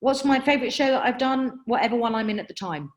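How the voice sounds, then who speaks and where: A woman's voice: on the high side, fast talker, muffled recording. A middle-aged woman, an acting practitioner, giving direct, emphatic career advice on a webinar and answering questions with frequent ums. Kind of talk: webinar Q&A talk.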